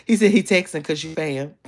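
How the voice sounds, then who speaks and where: A woman's voice: lowish voice, darkish tone. A young woman, chatting playfully with viewers on a casual live stream from her bed. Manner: playful, sassy, teasing. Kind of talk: casual chat reading viewer comments. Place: bedroom, in bed.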